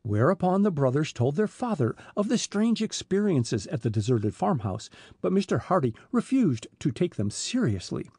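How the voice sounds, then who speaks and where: Male audiobook narrator, expressive, husky warm tone. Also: on the high side, normal speed, dry recording, studio quality. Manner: expressive storytelling.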